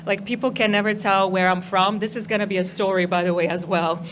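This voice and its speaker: A woman's voice: mid-range voice, steady tone, quick pace, a bit bright. A woman from Europe with an American-sounding accent, a guest comedian telling a story in a casual, playful way. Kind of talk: stand-up storytelling. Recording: audible background noise.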